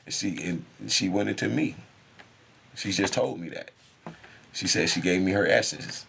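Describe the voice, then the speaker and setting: A man's voice: low voice, moderate pace, creaky, fairly bright tone, slightly rough. A man speaking in an intense, profane, rambling spiritual monologue, laughing often.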